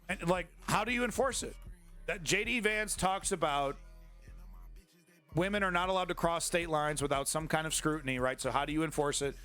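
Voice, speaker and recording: A man's voice: a little high, moderate pace, pushed and bright, soft background music. A man hosting a live-stream news commentary, sarcastic and indignant, swearing freely.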